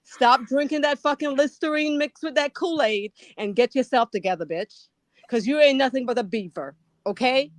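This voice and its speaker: A woman's voice: high voice, animated, moderate pace, no echo. Angry profane woman on a livestream. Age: older. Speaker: livestream guest. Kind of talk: heated livestream rant.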